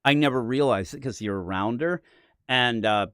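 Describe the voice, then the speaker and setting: An American man co-hosting a casual live-stream chat, telling stories in an animated way and slipping into put-on voices. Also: normal speed, clear, resonant tone, no echo, clean studio sound. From United States. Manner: animated storyteller, breaks into high put-on voices. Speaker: podcast co-host.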